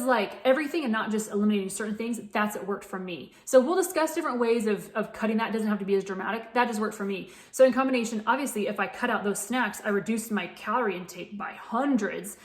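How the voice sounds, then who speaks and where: A woman's voice: on the high side, fast, hardly any pauses. A woman in her late thirties, a fitness coach, telling her own story in a candid, chatty way. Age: 30s. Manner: candid and chatty, many restarts. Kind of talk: personal story told to camera. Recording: echoey room.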